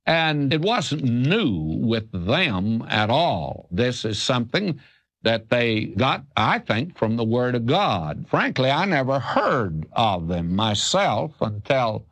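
A man's voice: medium pitch, big pitch swings, slow, a bit bright, breathy edge, dry recording. An older man from the South, a radio Bible teacher answering a listener's question in an earnest, emphatic, folksy preacher's cadence. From American South.

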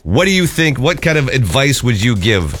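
A male radio co-host with a lively voice that swings up and down as he reads a listener's email. Faint music plays under his voice in the radio broadcast. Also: medium pitch, normal speed. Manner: animated, reads listener email aloud with emphasis. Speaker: radio morning show co-host. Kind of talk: casual radio banter and email reading.

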